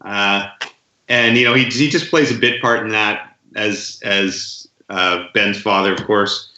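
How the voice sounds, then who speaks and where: A man's voice: fairly low pitch, fairly even intonation, measured pace, sharp tone, roomy sound, highs cut off, a little hiss or hum. A man co-hosting a podcast, telling stories in a loose, rambling way with many fillers and restarts. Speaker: podcast co-host. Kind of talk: casual chat.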